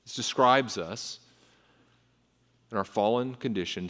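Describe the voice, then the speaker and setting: A mid-pitched man preaches a sermon in earnest, often repeating and restarting his words. His pitch and force climb when he reads scripture aloud. His voice rings out with the long reverb of a church hall. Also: animated, moderate pace, a bit bright. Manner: earnest, with frequent repetitions and restarts. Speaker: pastor.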